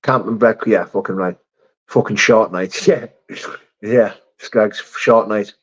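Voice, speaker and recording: A man's voice: lowish voice, slow, slightly rough, highs cut off. A man hosting a casual live stream, reading out chat messages in a blunt, laddish way with swearing and laughter.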